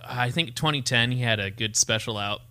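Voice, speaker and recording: A man co-hosting a podcast in casual chat, excitable and eager to retell jokes. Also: medium pitch, a little fast. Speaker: podcast co-host.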